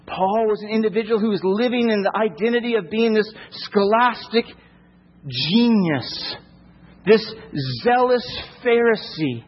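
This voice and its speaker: A man's voice: high voice, a little slow, long reverb tail, highs cut off. A male preacher delivering a sermon emphatically, with repeated rhetorical questions.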